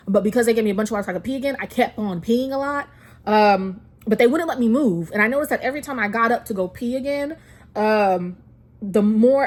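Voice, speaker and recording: A woman in her twenties telling a personal story to camera in a chatty way, full of fillers and restarts, and near tears at times. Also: a little high. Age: 20s. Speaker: vlogger.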